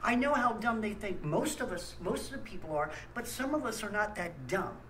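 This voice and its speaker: A man's voice: sits high, expressive, moderate pace, a bit bright, slight background noise, rough recording. A man, host of a small ministry channel, ranting angrily with blunt talk and stammered restarts. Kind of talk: angry ranting monologue.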